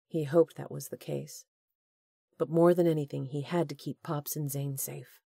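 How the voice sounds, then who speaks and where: Woman reading an audiobook, low steady voice, dry close sound. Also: normal speed, vocal fry, breathy edge, no room sound. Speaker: audiobook narrator. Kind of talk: scripted narration.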